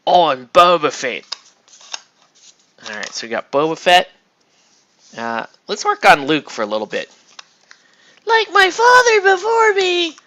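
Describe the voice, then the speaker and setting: Painting miniatures, a man chats at a measured pace with frequent pauses, his medium-pitched voice pushed and bright with lively intonation. He wanders in his talk, restarts sentences, and swears mildly now and then.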